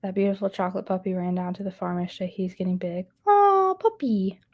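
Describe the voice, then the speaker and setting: A woman's voice: on the low side, monotone, very fast, muffled recording. A woman hosting a casual live stream, chatting and laughing as she reads out viewer comments. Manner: chatty, laughs often while reading comments aloud. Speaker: live streamer reading chat.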